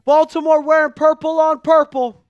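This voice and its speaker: A man calling a game live for an online fan stream, hyped and pleading with his viewers, rising to shouts at big plays. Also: very high-pitched, little pitch movement, normal speed, dry recording, highs cut off, soft background music. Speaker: fan livestream play-by-play host. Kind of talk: excitable live play-by-play commentary.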